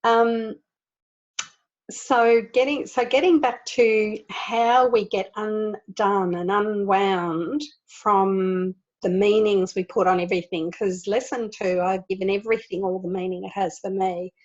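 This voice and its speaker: A woman leading an online group in an informal spiritual talk, earnest and animated, laughing often as she explains. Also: medium pitch, a little slow, dull audio. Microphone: video call.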